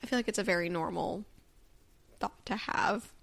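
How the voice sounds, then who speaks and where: A woman's voice: medium pitch, normal speed, vocal fry, a bit bright. A woman co-hosting a podcast, talking in a casual, supportive way. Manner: supportive, conversational, uses "y'all". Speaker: podcast co-host. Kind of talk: casual chat.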